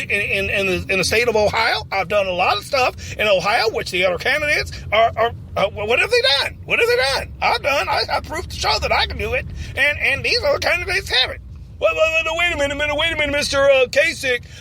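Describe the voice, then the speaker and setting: A man's voice: very high voice, expressive, fast, bright, forceful tone, a little hiss or hum, exaggerated voice. A man voicing a rambling, defensive male presidential candidate in a comedy parody, stammering and repeating himself. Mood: boastful.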